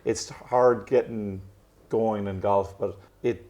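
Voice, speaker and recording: A man in his thirties with an Irish accent that has picked up some American edges, talking in a loose, rambling way full of self-corrections. His voice sits fairly low and sounds warm and mellow, never sharp. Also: fairly even intonation, takes it slowly. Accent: Irish with some American drift. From Ireland. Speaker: professional golfer, guest. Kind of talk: casual interview chat.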